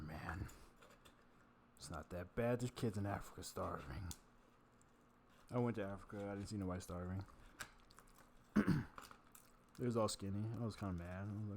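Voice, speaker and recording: A man's voice: fairly low pitch, expressive, a little fast, gravelly, pauses often, a little hiss or hum. A man vlogging while he eats, rambling casually, cursing and poking fun at himself. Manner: self-mocking, profane, chatty.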